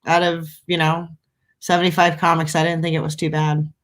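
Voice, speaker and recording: A woman hosting a casual chat, an animated storyteller who laughs often. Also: sits low, a little fast. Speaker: host. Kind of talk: casual conversation.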